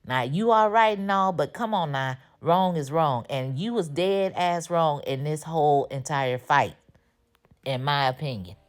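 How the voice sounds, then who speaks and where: A woman's voice: sits low, measured pace. A woman recapping a TV episode in casual, slangy talk. She is opinionated and scolds the characters directly. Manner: opinionated, talks straight at the characters; slangy, informal. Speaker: TV recap host.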